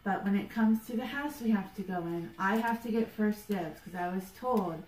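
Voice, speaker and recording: A woman's voice: mid-range voice, normal speed, a little mellow, slight background noise. A woman player chatting casually and with slang at a tabletop game. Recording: echoey room from a distance.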